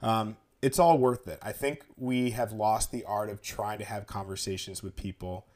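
A married man on a podcast telling a story in a relaxed, joking way, acting out the people in it. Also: on the low side, moderate pace. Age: adult, married. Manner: animated storyteller, jokey, acts out quotes. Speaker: podcast co-host. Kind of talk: casual chat, storytelling.

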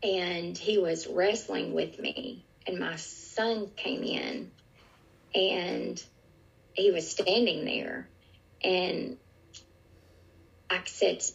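A middle-aged woman with a deep, gravelly rasp gives an interview about a personal experience. She tells it earnestly and vividly, stopping and restarting her sentences. The recording sounds dull and lo-fi. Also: drawn-out words, long pauses.

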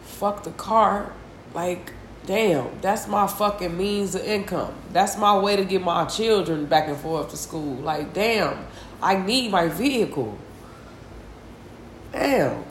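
A distressed, tearful woman hosting a solo confessional podcast, venting slowly and heavily with sighs and a lot of swearing. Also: lowish voice, animated, roomy sound, a little hiss or hum. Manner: slow, heavy, profane venting with sighs. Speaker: podcast host.

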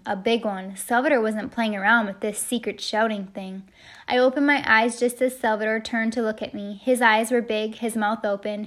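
Lady reading an audiobook in first person, heartfelt, middle-pitched. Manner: heartfelt storytelling, shouting the quoted lines. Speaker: audiobook narrator.

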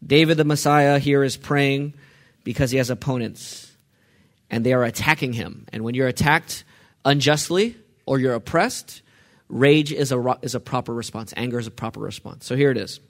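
A man preaching a sermon on the Psalms, reading scripture and asking his listeners questions, moving from quiet reading to loud, emphatic outbursts. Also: mid-range voice, moderate pace. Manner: asks the audience questions.

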